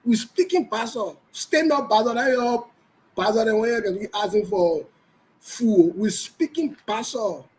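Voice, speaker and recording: A man with a Liberian English accent runs a casual live show. He talks in a high register, greets viewers one by one and jokes loosely between topics. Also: poor audio. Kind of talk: casual livestream chat.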